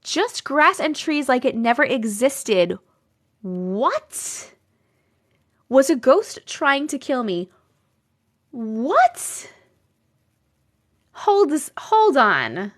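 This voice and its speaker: A woman with a New York accent talks casually to viewers on a live stream. Her voice sits a little high, and she reacts in animated bursts and exclamations. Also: takes it slowly, hardly any pauses. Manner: animated, exclaiming and laughing often. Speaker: live stream host reading viewer stories.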